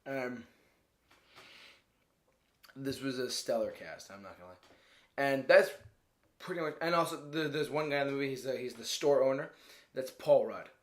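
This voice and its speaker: A man's voice: medium pitch, expressive, normal speed, pauses often. Rambling man reviewing a film, roomy echo. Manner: rambling, searches for words, laughs often. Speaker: movie reviewer. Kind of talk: casual movie review.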